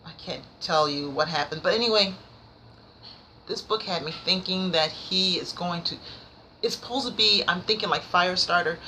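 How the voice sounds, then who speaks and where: A woman reviewing books in a casual vlog, nervous and rambling, stumbling over her words but excited and passionate. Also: low-pitched, slight background noise, rough recording. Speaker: book vlogger. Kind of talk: casual book review chat.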